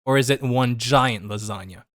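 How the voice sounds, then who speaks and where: A man co-hosting a casual podcast, halting and hesitant, swearing freely. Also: medium pitch, fairly bright tone, dry recording, clean studio sound. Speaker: podcast co-host.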